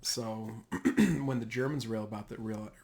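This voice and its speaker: A man's voice: lowish voice, steady tone, unhurried, a little mellow, slight background noise. A man giving a casual, rambling history lecture over slides, often correcting himself mid-sentence. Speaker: history teacher.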